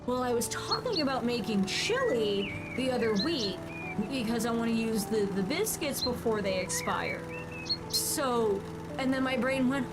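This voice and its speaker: A woman's voice: fairly high pitch, lively intonation, unhurried, loud music behind the voice. A woman casually chatting while streaming a game, rambling and answering her chat as she plays.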